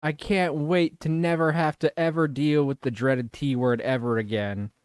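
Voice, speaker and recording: A man's voice: fairly high pitch, steady tone, normal speed, clean tone, dry recording. A man streaming a video game, talking casually to his viewers in a rambling, self-mocking way and swearing freely. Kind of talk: casual let's-play commentary.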